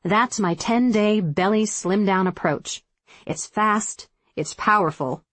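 Female author-narrator, emphatic pep-talk read, mid pitch, dry booth sound. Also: takes it slowly, fairly bright tone, no echo. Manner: emphatic, motivational, firm. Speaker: diet book author reading her book. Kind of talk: scripted audiobook narration.

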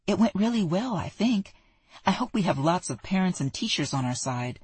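The narrator gives a young woman full of affection and good cheer. Her voice is soft and a little husky, at a middle pitch. The sound is dry and close. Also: sing-song, moderate pace, no room sound. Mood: affectionate. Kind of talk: audiobook character dialogue.

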